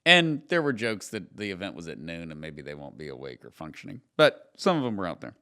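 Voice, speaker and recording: A man's voice: sits low, a little fast. A man hosting a podcast, chatting casually and telling stories with jokey asides. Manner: animated storyteller, jokey asides. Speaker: podcast host.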